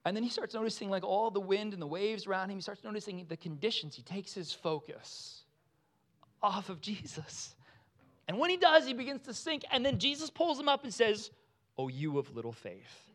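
A man preaching a sermon, animated, acting out the lines with voices and laughing often. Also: high-pitched, fairly quick. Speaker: pastor.

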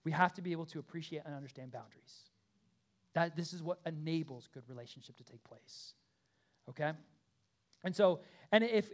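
A pastor in his thirties delivers a sermon with a voice sitting a little high for a man. He talks to the congregation like a conversation, tagging points with quick check-ins. Some pleas ring out loud and insistent, while asides fall soft and low. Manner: earnest, conversational with frequent "okay?" and "right?" check-ins; swings between loud emphatic pleas and quiet asides.

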